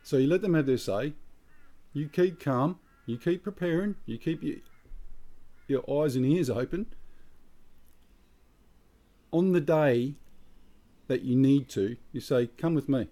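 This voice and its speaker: Blunt Australian man with a mellow voice. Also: on the high side, slow pace, pauses often. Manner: blunt, emphatic, swears casually. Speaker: prepping vlogger. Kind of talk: casual advice monologue. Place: outdoors near trees.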